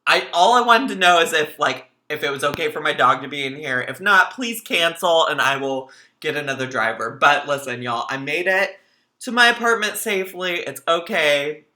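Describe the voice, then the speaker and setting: A man's voice: a little high, moderate pace. A man hosting a livestream, chatting casually and telling stories animatedly to his viewers. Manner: chatty, animated storytelling, addresses viewers as y'all. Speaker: livestream host. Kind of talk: casual reaction commentary.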